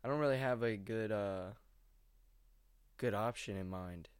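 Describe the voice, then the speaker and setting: A man's voice: lowish voice, a little slow, smooth, no room sound. A young man rambling casually and anxiously into a desk microphone while sitting at home on his couch. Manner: rambling, slangy, anxious musing. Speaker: vlogger. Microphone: microphone at a mixing board.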